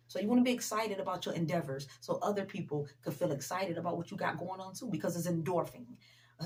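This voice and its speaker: Low-voiced woman giving a casual pep talk. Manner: conversational, addresses viewers directly, frequent "you know"; repeats key sayings for emphasis. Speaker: motivational vlogger.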